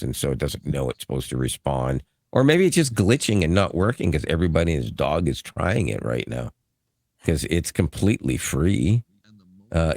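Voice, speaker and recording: A man with a very low voice that swings widely in pitch. He chats in a loose, rambling way on a close broadcast dynamic mic with a dry sound. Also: dry recording. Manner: rambling, with fillers and self-restarts, often laughing. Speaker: podcast co-host. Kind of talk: casual podcast chat over a call. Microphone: broadcast dynamic microphone.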